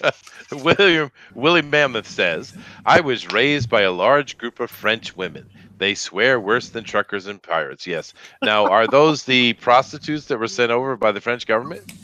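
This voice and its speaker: A man's voice: mid-range voice, expressive, moderate pace, bright, forceful tone. A man hosting a casual show, reading viewer comments aloud and adding teasing jokes. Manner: joking, reads chat comments aloud with teasing remarks. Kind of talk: casual chat.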